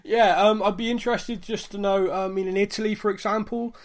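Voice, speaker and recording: A man's voice: high voice, fairly even intonation, a little fast. A man co-hosting a podcast, chatting casually and teasing his co-host in mock-scolding tones.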